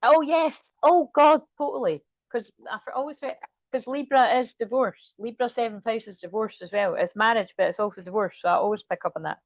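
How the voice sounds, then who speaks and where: A woman's voice: medium pitch, brisk, no echo, lo-fi sound. A woman doing a casual, rambling tarot reading and swearing now and then. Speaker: tarot reader.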